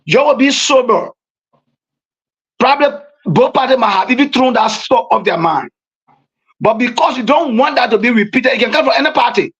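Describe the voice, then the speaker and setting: A man's voice: very high voice, lively intonation, normal speed, fairly bright tone, husky. A man, a pastor, calling in by phone and explaining his advice in a preacherly manner. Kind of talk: radio call-in discussion. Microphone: phone call. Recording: dull lo-fi phone line.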